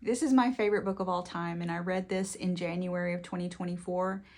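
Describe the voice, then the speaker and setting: A woman talking to camera about her favorite books, gushing and emotional, her quick bursts of talk sometimes turning tearful. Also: fairly low pitch, fairly even intonation, darkish tone. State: tearful at times. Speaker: book reviewer. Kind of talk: casual book talk to camera.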